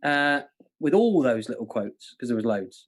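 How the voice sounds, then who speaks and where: A male comedian co-hosting a quiz with playful banter. His pitch swings widely and he keeps things light and jokey. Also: very animated, normal speed. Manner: playful, jokey, slips into silly voices. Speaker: comedian co-host.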